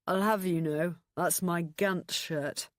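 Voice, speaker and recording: A woman voicing a drunk, slurring young man with a loud, careless manner in an audiobook. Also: lowish voice, fairly even intonation, slow, no room sound, studio quality. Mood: drunk, boisterous. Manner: slurred, boisterous. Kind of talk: audiobook narration.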